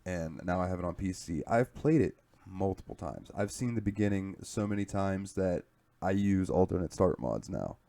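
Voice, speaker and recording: Casting: deep-voiced southern guy, podcast co-host, loose profane storyteller. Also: lively intonation, normal speed, creaky, dark tone. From southern United States. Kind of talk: casual chat.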